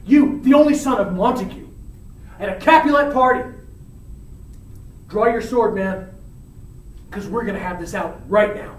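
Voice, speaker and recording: A man's voice: high-pitched, steady tone, unhurried, long pauses. A man voicing a hostile young male rival who sternly demands a fight, heard in a roomy space from far off. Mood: menacing. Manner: threatening, stern.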